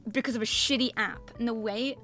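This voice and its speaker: A woman streamer telling a story in a casual chat, animated and emphatic, swearing freely and repeating herself. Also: fairly high pitch, fairly quick, soft background music. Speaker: VTuber streamer.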